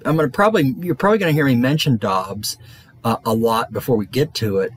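A man's voice: medium pitch, fast, breathy edge. A man lecturing a college class, rambling with many fillers and restarts.

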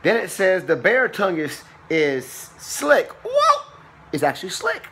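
A man reading a picture book aloud to a young child in a playful, exclaiming way, slowing on the quoted lines and ending with a short Bible lesson. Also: very animated, a bit bright, slight background noise. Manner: playful, exclaiming, with sudden high squeals and slow drawn-out quoted lines; turns preachy when giving a Bible lesson. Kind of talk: animated read-aloud storytime.

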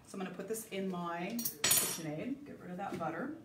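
Speaking briskly in a lowish voice, a middle-aged home cook from Southern California runs a casual, chatty live baking demo in her kitchen and says hello to viewers by name. She's far from the mic in an echoey room, and the background is noisy.

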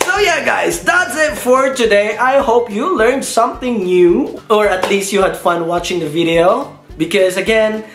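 A man from the Philippines hosting a casual explainer vlog, playful and giggly, acting out quick voices. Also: sits high, fairly bright tone. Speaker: vlogger. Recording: echoey room.

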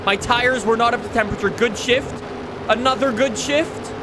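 A man giving excitable gameplay commentary as a YouTuber, reacting and talking to himself. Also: extremely high pitch, normal speed, noisy background. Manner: excitable, laughs a lot, talks to himself. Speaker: gaming YouTuber.

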